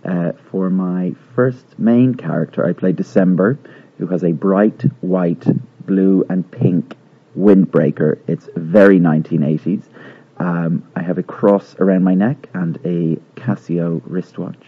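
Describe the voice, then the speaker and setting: Dublin man, deep and husky. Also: a little slow. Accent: Dublin Irish. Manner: friendly, hesitant with fillers. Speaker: stage actor. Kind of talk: introducing his costumes to an audience. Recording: tinny phone-like sound.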